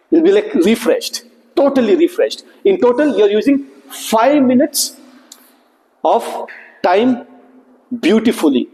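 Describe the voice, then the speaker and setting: A man leads a motivational session for students, keeping them engaged with frequent rising "okay?" checks. His voice sits a little high for a man yet sounds warm and mellow. The long reverb of a big hall trails after every phrase. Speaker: student workshop trainer. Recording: echoey hall recording.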